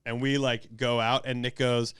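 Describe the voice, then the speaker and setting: A man hosting a podcast, telling a story in a casual, animated way and acting out the quotes. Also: normal speed, clear, resonant tone, no room sound, studio quality. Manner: animated, acts out quotes with big pitch jumps. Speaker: podcast host.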